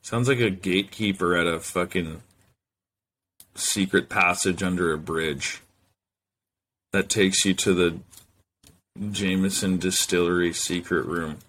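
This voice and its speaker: A man's voice: low-pitched, fairly bright tone, a little hiss or hum. Rambling, swearing podcast guy. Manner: loose, rambling, swears freely. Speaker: podcast host. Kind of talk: casual solo podcast rambling.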